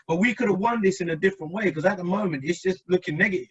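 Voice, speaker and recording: Husky chatty man. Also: sits high, rapid-fire, fairly bright tone, lo-fi sound. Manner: rambling, chatty, asks the others for views. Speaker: podcast host. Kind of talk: casual discussion.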